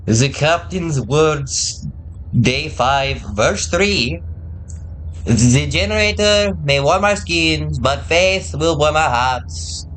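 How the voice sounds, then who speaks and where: Fervent male street preacher, put on by a man, solemn and drawn-out, pitched a touch higher than his own voice. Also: animated, fairly bright tone, slight background noise, poor audio. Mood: preaching. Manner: solemn, drawn-out sermon delivery.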